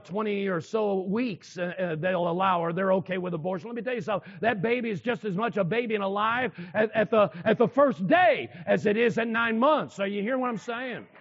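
Emphatic preacher man in a reverberant hall. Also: high voice. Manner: emphatic, repeats key phrases, asks the congregation questions. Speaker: pastor. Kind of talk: sermon. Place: church hall with a congregation. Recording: dull sound with long hall reverb.

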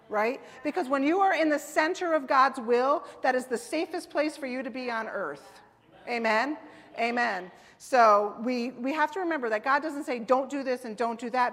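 A woman's voice: a little high, a bit bright. A woman preaching a sermon in a conversational way, often asking the congregation "right?" and "amen?". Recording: long reverb of a hall.

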